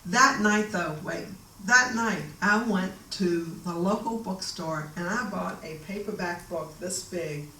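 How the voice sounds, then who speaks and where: Lively woman storyteller in an echoey room. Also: fairly low pitch, unhurried, few pauses, a little hiss or hum. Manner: animated, laughs often, acts out voices in quotes. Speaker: author telling her story. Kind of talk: casual storytelling. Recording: echoey room, voice a bit distant.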